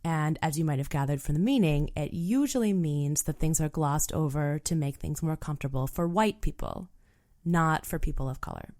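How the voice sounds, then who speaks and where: A woman hosting a travel podcast, talking in a frank, animated way with plenty of "like" in her conversational speech. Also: low voice, moderate pace. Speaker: podcast host.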